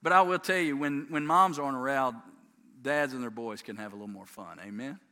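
A man's voice: mid-range voice, a little fast. A man, preaching a sermon through folksy family stories and acting out his sons' voices. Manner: folksy, animated, acts out voices of his sons. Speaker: pastor. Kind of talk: sermon storytelling.

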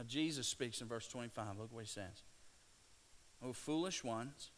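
A middle-aged man preaching a sermon, telling scripture stories with lively restarts and stammers. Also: medium pitch. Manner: animated storytelling, stammering restarts.

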